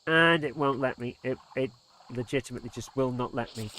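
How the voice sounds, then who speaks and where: A man's voice: mid-range voice, brisk, bright, forceful tone, a little hiss or hum. A man commentating casually on his gameplay as a let's play host, exasperated and muttering under his breath.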